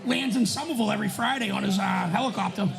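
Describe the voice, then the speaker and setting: A man's voice: sits high, fast, vocal fry, a crowd in the background. A man, a regular on a live bar podcast, telling neighborhood stories in a laid-back, laughing way. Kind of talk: casual storytelling among friends.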